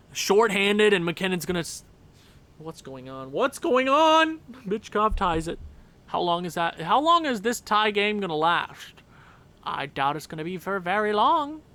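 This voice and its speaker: A young man commentating a hockey video game with a worn-out voice, yelling and repeating himself at big plays. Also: high voice. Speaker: gaming YouTuber. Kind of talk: excited play-by-play over a hockey video game.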